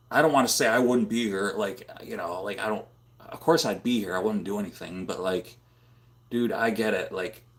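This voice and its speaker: Rambling casual man on a boom mic. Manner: rambling, filler-heavy, says "dude" and "like" a lot. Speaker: livestream host. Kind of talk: casual livestream chat. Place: home room full of computer monitors. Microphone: boom-mounted microphone.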